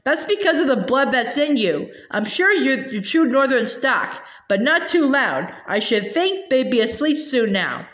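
A proud, haughty talking war horse from a storybook, brisk and scornful but protective of the boy, as a woman reads him. The voice sits fairly high. The room adds a clear echo. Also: very animated, fairly bright tone, heavily acted. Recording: roomy echo.

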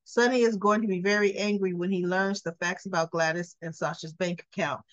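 A woman in her sixties giving a chatty, casual recap of a soap episode, talking through the scenes in an animated way. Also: a little fast, no room sound. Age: 60s. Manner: chatty, acting out the characters' lines with lively pitch jumps. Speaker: soap opera recap vlogger. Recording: slightly dull, lo-fi audio.

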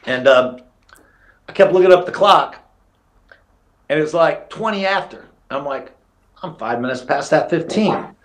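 A middle-aged man with a drawl tells old fight stories as a podcast guest. His voice sits slightly high, and he acts out each quote with gusto, cursing casually along the way. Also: unhurried, pauses often. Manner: animated storyteller who acts out quotes, swears casually. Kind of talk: casual storytelling interview.

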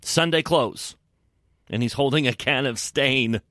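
A man telling an earnest, emotional devotional story about his son, dropping to soft hushed tones at tender moments. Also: medium pitch, measured pace, no echo, studio quality. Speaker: scripture podcast guest.

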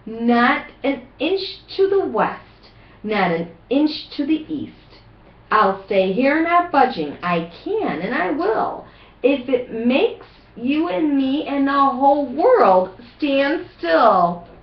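A shrill, stubborn storybook Zax creature, as an older woman puts him on, snapping his lines back high and with a lively swing. The sound is roomy and slightly muffled. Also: far from the mic, heavily acted. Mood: defiant. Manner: high, quick, snapping retorts. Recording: roomy, dull home recording.

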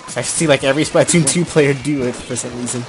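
A man hosting a gaming video, chatting casually and joking with friends while playing. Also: mid-range voice. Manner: joking, excitable, quick rambling asides. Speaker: gaming channel host. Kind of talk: casual gameplay chat. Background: game music.

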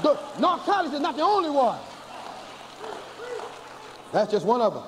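An older man, a bishop preaching a sermon to a church congregation, folksy and humorous, slowing to chanted emphasis. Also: very high voice, huge pitch swings, a little hiss or hum. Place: large church before a congregation. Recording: hall reverb with faint ambience, cassette.

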